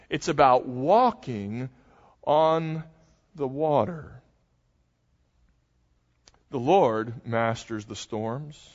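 A man preaching a sermon as pastor, talking in a conversational, folksy way with asides to the congregation. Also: fairly high pitch. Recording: dull lo-fi sound with long hall reverb.

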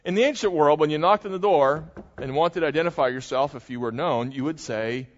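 A man's voice: a little high, brisk. A man preaching a sermon as pastor, talking in a conversational, folksy way with asides to the congregation. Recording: dull lo-fi sound with long hall reverb.

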